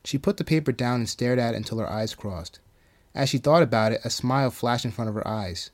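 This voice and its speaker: Calm male horror story narrator. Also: mid-range voice, a little fast.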